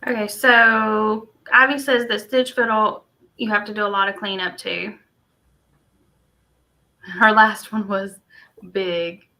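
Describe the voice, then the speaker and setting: A woman's voice: medium pitch, fairly even intonation, takes it slowly, pauses often, bright, forceful tone, poor audio. A woman, co-hosting a casual crochet livestream and thinking aloud as she works on screen. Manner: chatty, thinks aloud while working on screen.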